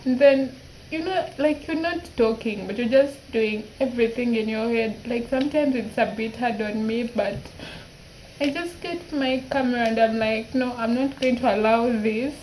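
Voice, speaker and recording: A woman in her twenties talking through tears in a personal vlog, halting and repeating herself. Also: on the high side, a little mellow, slight background noise, poor audio. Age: 20s. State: tearful, crying at times. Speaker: vlogger.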